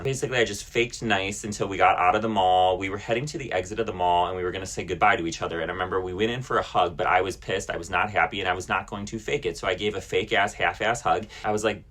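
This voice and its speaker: Husky, low-voiced, indignant man ranting. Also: fast talker, fairly bright tone. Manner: blunt, indignant, swearing, many "like" fillers. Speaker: vlogger. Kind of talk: casual storytime rant to camera.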